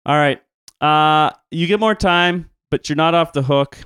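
A man's voice: a little high, unhurried, a bit bright, smooth, no room sound. Dry-sounding Canadian man, teasing co-host. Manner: playful, teasing, laughs often. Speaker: podcast co-host. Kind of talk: casual Bible story chat.

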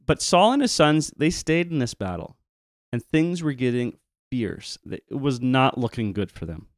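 A man's voice: mid-range voice, sing-song, moderate pace, dry recording. Canadian man, playful co-host, teasing banter, dry close sound. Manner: playful, teasing, laughs often. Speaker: podcast co-host. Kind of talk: casual Bible story chat.

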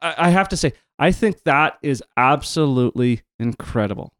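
A man's voice: medium pitch, animated, normal speed, fairly bright tone, dry recording, studio quality. A man co-presenting a retelling of a Bible story, talking casually with emphatic asides and restarts.

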